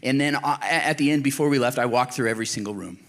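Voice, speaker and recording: A man's voice: medium pitch, fast talker, fairly bright tone. A man from Colorado giving a casual, conversational sermon as a pastor, earnest and emphatic, speaking straight to his listeners. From Colorado, United States.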